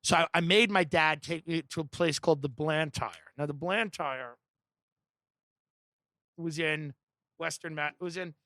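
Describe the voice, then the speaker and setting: Male comedian, sardonic and provocative storyteller, slightly high pitch, dry studio sound. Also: a little slow, long pauses, sharp tone, no echo.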